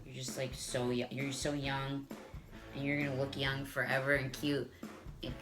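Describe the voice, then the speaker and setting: A woman's voice: a bass voice, completely flat delivery, moderate pace, over music. A woman in her thirties telling a dating story to her viewers in a chatty, profane way, full of "like.". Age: 30s. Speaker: vlogger. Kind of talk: casual storytelling to camera.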